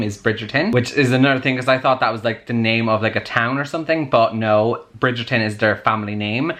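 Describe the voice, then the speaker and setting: A young man chatting excitedly in a casual book vlog, with plenty of "like" fillers. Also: medium pitch. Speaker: book vlogger. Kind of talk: casual chat.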